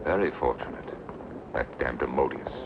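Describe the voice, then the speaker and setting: An actor playing a scheming, ambitious Roman prince and prefect in a 1960s film dub, speaking suavely and giving cold orders. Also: male voice, a bass voice, moderate pace. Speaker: prefect of the Praetorium. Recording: dull old film sound with hiss.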